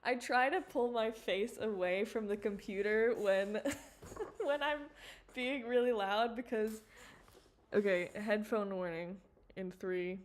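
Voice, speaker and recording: A woman's voice: medium pitch, slow. A woman animator chatting casually on a livestream while she works, rambling, giggling and swearing freely. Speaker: animator livestreaming her work. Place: home studio at a computer.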